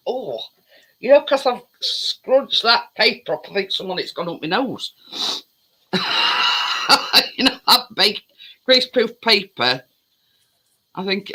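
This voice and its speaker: A man's voice: high-pitched, pushed and bright, poor audio. A man chatting in a rambling, easily distracted way as he bakes in his home kitchen. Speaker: home baking vlogger. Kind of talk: casual chat while baking.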